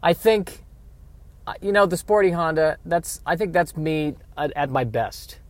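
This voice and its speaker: A man's voice: on the high side, animated, measured pace, no room sound. A man hosting a solo podcast, thinking aloud in an introspective, self-questioning way while driving a car. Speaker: podcast host. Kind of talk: solo comedic musing podcast.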